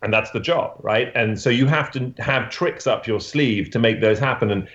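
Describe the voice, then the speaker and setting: A man who is a portrait photographer, telling a story in an interview, halting often with restarts and "you know" fillers. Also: medium pitch, a bit bright, reverberant, lo-fi sound.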